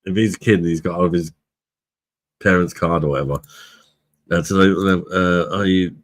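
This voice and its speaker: A man's voice: deep voice, fairly even intonation, normal speed. A British man hosting a live beer review stream, chatting casually with his viewers, laughing often and swearing freely. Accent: British English. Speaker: livestream host, beer reviewer.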